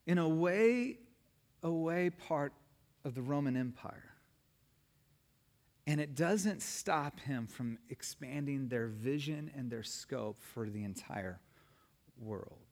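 A man's voice: mid-range voice, expressive, takes it slowly, long pauses, darkish tone. A man preaching a sermon as pastor, with emphatic delivery that rises and falls in force. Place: church sanctuary. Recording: long reverb of a church hall.

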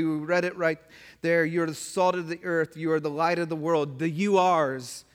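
A pastor delivers a sermon with emphatic, surging preaching, pushing hard on key words. His voice sits a touch high for a man. It rings with the long reverb of a church sanctuary. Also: moderate pace, fairly bright tone. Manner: emphatic preaching, rising and falling in force.

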